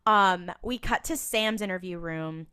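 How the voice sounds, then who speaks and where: A woman's voice: fairly low pitch, measured pace, pushed and bright, clear, resonant tone, no echo, studio quality. A woman co-hosting a podcast, recapping an episode in a chatty way, laughing often and acting out quotes. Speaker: podcast co-host. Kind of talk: casual rewatch recap.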